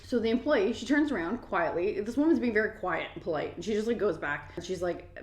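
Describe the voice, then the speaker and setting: A woman's voice: mid-range voice, lively intonation, fast talker, few pauses. A young woman, ranting through a casual storytime, profane and full of "like" fillers. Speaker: mukbang vlogger. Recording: roomy echo.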